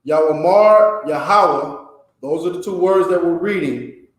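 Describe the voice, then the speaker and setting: A man teaching a class, reading a text aloud and explaining it, often checking with a quick "okay?". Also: sits high, a little mellow. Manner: slow, ends phrases with a checking "okay?". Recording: very echoey room.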